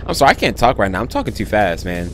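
Speaking very fast in a lowish, slightly bright voice with big swings in pitch, a man streams a driving game live amid a little hiss or hum. He chats in a hyped, slang-heavy style and frequently thanks his viewers.

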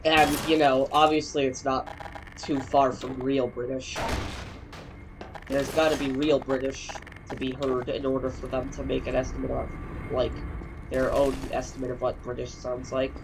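A man's voice: mid-range voice, little pitch movement, moderate pace, creaky, noisy background. Swearing, frustrated young gamer man. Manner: swearing, frustrated, rambling asides. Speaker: gameplay commentator. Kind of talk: let's play commentary.

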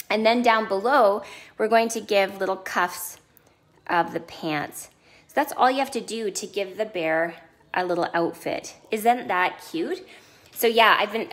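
Chatty woman demonstrating a craft. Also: mid-range voice. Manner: chatty and enthusiastic, talks through each step. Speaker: stamping demonstrator. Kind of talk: casual craft tutorial.

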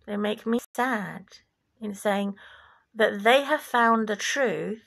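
A woman from former Yugoslavia giving an impassioned religious monologue, deliberate and preachy, sometimes dropping to a whisper. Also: mid-range voice, creaky, fairly bright tone. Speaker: vlogger.

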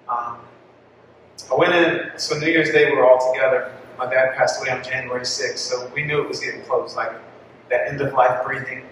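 A man's voice: medium pitch, a bit bright, a little hiss or hum. A young-adult man giving a heartfelt personal testimony to parents, casual and full of restarts. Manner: heartfelt storytelling, casual phrasing with many likes and restarts. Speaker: parish speaker at a family catechesis talk. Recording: echoey hall, mic far off.

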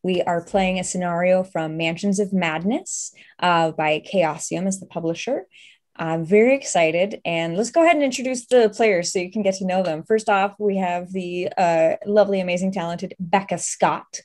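A woman's voice: fairly low pitch, moderate pace, darkish tone. A woman running a tabletop horror game as game master, upbeat and chatty as she introduces players and sets the scene.

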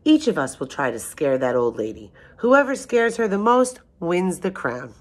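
A woman's voice: fairly low pitch, big pitch swings, normal speed, pitched above the performer's own voice. A woman voicing a proud, boastful male lion in a storybook. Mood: plotting.

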